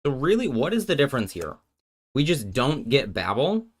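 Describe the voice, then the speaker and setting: A man's voice: medium pitch, sing-song, normal speed. A man hosting a casual live stream, working out card game plays while joking with his chat and thinking aloud, often breaking off mid-sentence. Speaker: streamer and host.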